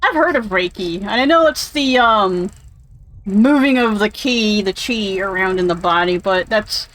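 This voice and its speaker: Expressive and unhurried, this woman's fairly bright mid-range voice carries chatty, opinionated gameplay talk. As a game streamer she rambles onto tangents and swears casually, and the recording sounds rough.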